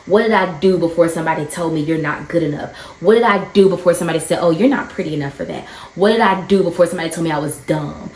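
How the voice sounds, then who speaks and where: A woman's voice: on the low side, darkish tone. A woman in her thirties, a mom of three, talking earnestly and encouragingly in a casual faith and motherhood vlog. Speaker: mom vlogger. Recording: roomy echo.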